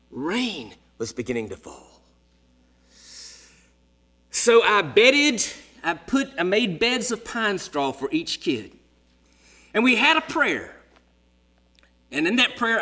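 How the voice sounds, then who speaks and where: A man in his sixties preaching a sermon as a story, dramatic, dropping to hushed whispers and rising to shouts. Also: high voice, huge pitch swings, slow, pauses often. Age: 60s.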